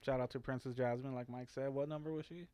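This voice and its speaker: A man's voice: medium pitch, steady tone, quick pace, warm tone, clean tone. A man co-hosting a podcast in casual chat, talking in a laid-back, drawling way. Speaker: podcast co-host.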